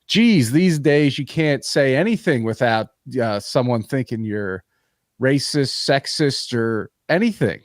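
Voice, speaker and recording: A man's voice: medium pitch, expressive, measured pace, no echo, clean studio sound, lightly acted. Guy doing a grumbly old man customer, folksy and complaining, kinda raised voice. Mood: grumbling.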